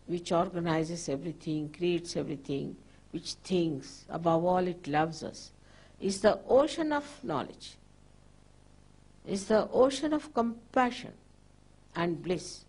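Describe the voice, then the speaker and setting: An older woman, a spiritual teacher, slowly guiding listeners through a meditation with gentle, repeated instructions. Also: fairly low pitch, expressive.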